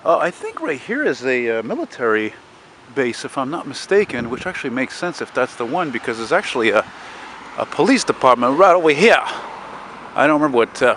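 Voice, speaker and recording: This vlogger has a mid-range, fairly bright voice. Walking down a city street at dusk, he chats casually to his viewers, rambling and cursing, while street noise and passing cars fill the background.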